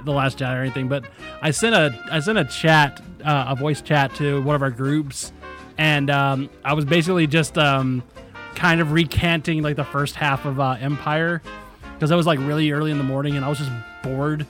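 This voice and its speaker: A man's voice: on the high side, steady tone, normal speed, fairly bright tone, faint music behind. A man co-hosting a podcast in casual chat, rambling and laughing as he retells scenes. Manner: rambling, laughs often, acts out voices. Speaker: podcast co-host.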